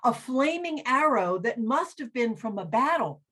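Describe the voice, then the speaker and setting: Expressive woman telling a children's story. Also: on the high side, a little slow. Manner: expressive, dramatic read-aloud. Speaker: head of school.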